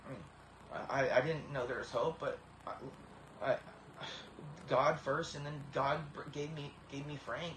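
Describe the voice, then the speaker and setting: A man in his thirties giving an emotional personal testimony, halting and earnest with many repeated starts, close to tears. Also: medium pitch, steady tone, fairly bright tone. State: tearful, emotional. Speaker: vlogger. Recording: echoey room with faint background hiss.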